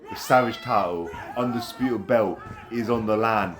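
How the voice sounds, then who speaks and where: A man calling a wrestling match as play-by-play commentator, slangy and full of loud exclamations. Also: fairly low pitch, measured pace. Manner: shouty exclamations, slangy, laughs often.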